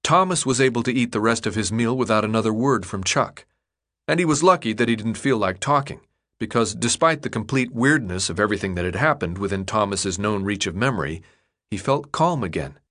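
With a lowish voice, a man narrates an audiobook from a script. The delivery is measured yet expressive, suited to storytelling.

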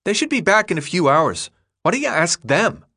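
A blunt, impatient young boy who brushes off every question, his raised boyish pitch swinging up and down. A man voices him in an audiobook reading. He sounds quick and dismissive. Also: huge pitch swings, sharp tone, heavily acted. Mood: sarcastic. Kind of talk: audiobook character voice.

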